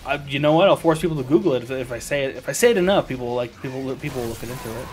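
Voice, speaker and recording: A man's voice: medium pitch, rapid-fire, a little mellow, slight background noise. An American man casually rambling to viewers while streaming a video game, often correcting himself mid-sentence. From United States.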